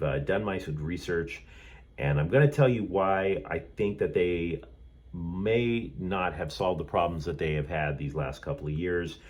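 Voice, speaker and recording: Husky sarcastic male sports host. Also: sits low, a little mellow. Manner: sarcastic, rambling, sardonic asides. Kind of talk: snarky sports commentary monologue. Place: hotel room.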